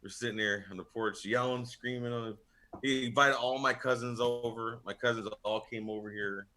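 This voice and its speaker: A man's voice: medium pitch, fairly even intonation, normal speed, sharp tone. A man on a casual podcast panel, telling a long rambling story full of swearing and laughter. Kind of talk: casual chat.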